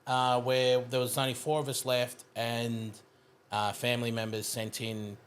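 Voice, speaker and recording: A middle-aged man, a podcast guest telling stories in a casual, animated way and often laughing. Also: mid-range voice, unhurried. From Australia. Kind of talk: casual storytelling.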